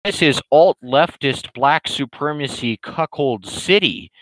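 Guy doing a loud obnoxious internet troll voice, pitched up, slow and draggy, dead dry sound. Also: lively intonation, no room sound, rough recording. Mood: mocking rant. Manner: ranting, insulting, drawn-out emphatic delivery. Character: belligerent loudmouth male online troll.

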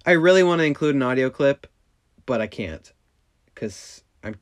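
A man's voice: mid-range voice, lively intonation, normal speed. A young man hosting a casual solo podcast, rambling and apologetic, with many restarts. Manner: rambling, self-deprecating, with fillers and restarts. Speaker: podcast host.

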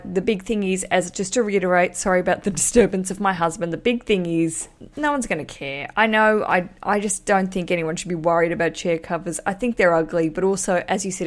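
Young woman, podcast host; casual, frank, playful, swears lightly. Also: lowish voice. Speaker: podcast host giving wedding advice.

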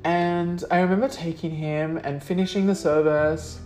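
A woman's voice: fairly low pitch, fairly even intonation, moderate pace, dark tone, a little hiss or hum. A young adult woman, answering questions in a casual vlog, blunt and sweary, with lots of likes and ums. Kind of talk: casual Q&A monologue.

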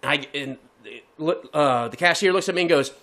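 A man co-hosting a podcast tells a story in casual conversation, swearing constantly in an animated, profane style. His voice is a little high and he speaks at a moderate pace.

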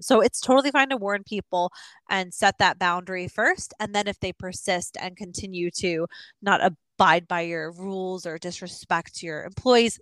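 A woman's voice: lowish voice, fairly bright tone, no room sound, low-quality recording. Earnest woman podcast co-host. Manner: earnest, advising. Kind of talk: casual advice chat.

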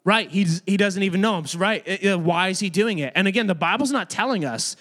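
A man's voice: high voice, fairly quick, a bit bright. A man speaking as a youth pastor, giving a casual, joking sermon to kids and often saying "like". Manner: chatty, joking, many filler "like"s; addresses and manages kids in the room. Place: youth group room with children.

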